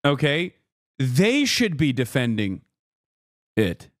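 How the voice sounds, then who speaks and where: A man's voice: mid-range voice, big pitch swings, no echo, studio quality. A man streaming reactions to political news, ranting in an exasperated, incredulous and profane way. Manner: exasperated, incredulous, rapid rants.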